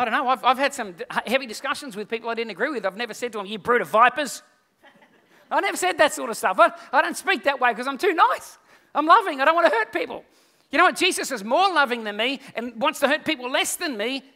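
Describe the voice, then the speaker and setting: A middle-aged man, preaching a lively sermon to a congregation and acting out Bible figures. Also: very high voice. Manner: animated, acts out Bible figures in quick voices. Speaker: pastor.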